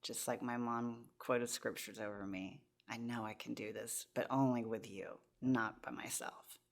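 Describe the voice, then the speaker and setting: Woman in her 40s on a podcast, raspy fry in her voice, heartfelt testimony, stops and restarts a lot. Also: a bass voice, fairly even intonation, measured pace. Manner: earnest, heartfelt storytelling, many restarts. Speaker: podcast guest. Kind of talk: personal testimony in an interview.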